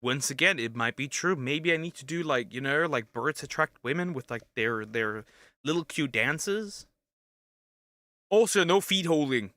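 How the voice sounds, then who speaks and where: A young man reacting to clips with crude jokes, restarts and sudden bursts of yelling. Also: medium pitch, moderate pace, no room sound. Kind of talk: casual reaction commentary.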